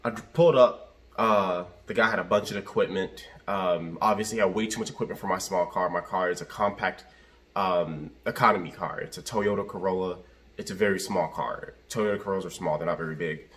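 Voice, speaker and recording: A man with a somewhat low voice tells a story in a casual vlog style. He rambles and circles back, heavy on fillers. He speaks from inside his car. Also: a little fast, fairly bright tone. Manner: rambling, repeats himself, lots of fillers. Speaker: rideshare driver and vlogger.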